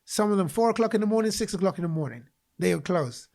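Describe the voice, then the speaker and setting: A man from England, a guest in a podcast interview, telling a personal story in an animated way and acting out the voices he quotes. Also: high voice, quick pace, vocal fry.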